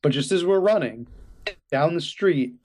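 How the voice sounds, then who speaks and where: A man narrating his moves in an improvised role-play in an animated way. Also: a little high, measured pace, a little hiss or hum. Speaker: player.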